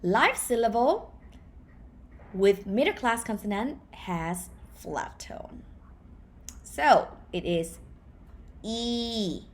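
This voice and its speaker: Thai-accented woman teaching a language lesson. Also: medium pitch. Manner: lively, explains slowly with repeated example words.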